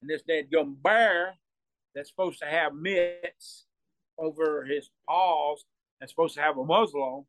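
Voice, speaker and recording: A man's voice: fairly high pitch, a little slow, no room sound. A man telling a rambling story, repeating himself and laughing as he goes. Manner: acts out quoted voices loudly. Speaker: storyteller guest. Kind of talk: casual storytelling.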